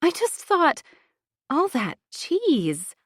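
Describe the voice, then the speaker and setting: A woman's voice: sits high, huge pitch swings, extremely slow, no room sound, clean studio sound, voice pushed up, heavily acted. Woman voicing a sugary, falsely caring woman. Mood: coaxing. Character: sweetly concerned manipulative adult woman. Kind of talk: audiobook character reading.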